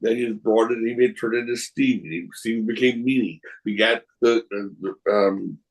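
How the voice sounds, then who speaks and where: A man's voice: fairly low pitch, moderate pace, low-quality recording. A man guesting on a podcast, telling casual stories in a rambling way, with frequent restarts, acting out the voices of people in them. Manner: animated, acts out voices in his anecdotes. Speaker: wrestling promoter guest. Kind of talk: casual storytelling.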